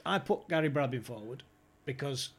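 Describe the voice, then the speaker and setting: A man's voice: medium pitch, lively intonation, moderate pace, breathy edge. A man guesting on a podcast, telling club stories in a chatty way, swearing freely and acting out the people he quotes. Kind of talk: anecdotal storytelling.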